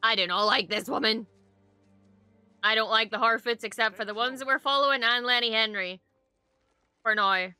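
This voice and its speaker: A young adult woman giving casual reaction commentary at her home streaming desk, excitable and gushing, swearing freely. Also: fairly high pitch, normal speed, pauses often, clean tone, no echo, faint music behind.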